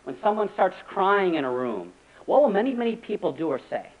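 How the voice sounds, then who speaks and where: Animated male preacher, lo-fi sound. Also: sits high, a little fast. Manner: animated, acts out quoted voices. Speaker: pastor. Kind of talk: sermon. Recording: dull lo-fi recording.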